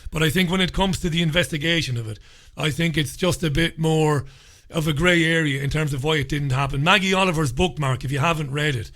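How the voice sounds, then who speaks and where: Bright-voiced chatty male radio host. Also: fairly high pitch, fairly quick. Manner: chatty, rambling, with filler words. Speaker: radio talk show host. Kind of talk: casual radio chat.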